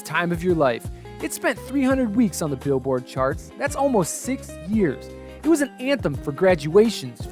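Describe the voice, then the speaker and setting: A man reading a scripted narration with an emphatic, lively delivery. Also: sits high. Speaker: video essay narrator.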